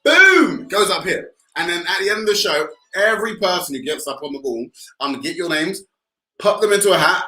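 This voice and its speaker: A man with a British accent co-hosting an art class for kids, playful and joking, cheering his young viewers on. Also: fast. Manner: playful, joking, shouts "Boom!". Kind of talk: upbeat kids' tutorial patter. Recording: echoey room.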